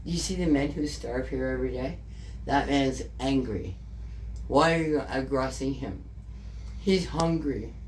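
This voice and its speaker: A woman's voice: extremely low pitch, unhurried, a little mellow, slight background noise. A woman with a Canadian accent, telling an emotional story in a casual interview, swearing often and repeating herself. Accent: Canadian English.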